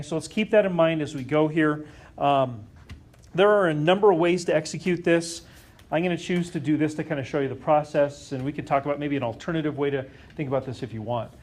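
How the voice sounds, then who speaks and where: A man's voice: fairly high pitch, darkish tone. A man teaching a calculus lesson to a class, often stopping to question the students and check that they follow. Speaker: math teacher.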